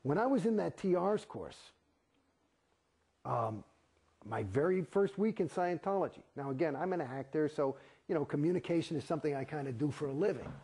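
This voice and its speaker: Gravelly, husky-voiced man, blunt and profane. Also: a little high, animated, normal speed, dark tone. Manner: blunt and profane, rambling with restarts. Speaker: interviewee. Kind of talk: candid interview storytelling.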